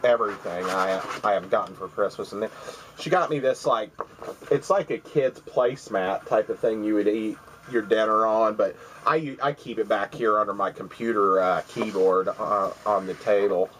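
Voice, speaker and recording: Fairly low-pitched but fairly bright, the man talks at normal speed on a low-quality recording with a little hiss or hum. He's a vlogger chatting casually at home by his computer, wandering through gift stories with lots of fillers and false starts.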